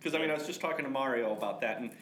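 A man's voice: medium pitch, very fast, a bit bright. A man co-hosting a casual chat, easygoing and joking. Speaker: co-host. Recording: echoey room with noise.

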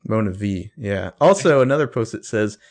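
A man's voice: lowish voice, animated, moderate pace, a little mellow. A man co-hosting a podcast, dryly recapping TV scenes in casual chat and reading out the characters' lines. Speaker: podcast co-host.

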